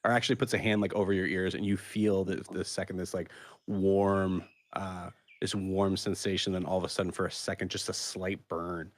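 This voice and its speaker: A man running a tabletop role-playing game as game master, narrating with many pauses and restarts. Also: low voice, flat delivery. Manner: halting, many ums and restarts.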